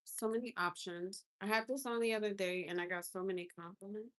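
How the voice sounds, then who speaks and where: A woman's voice: mid-range voice, steady tone, brisk, a bit bright. Chatty woman livestreaming her makeup. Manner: chatty and effusive, reacts to viewers and gifts. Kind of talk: casual livestream chat with viewers. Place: inside a car.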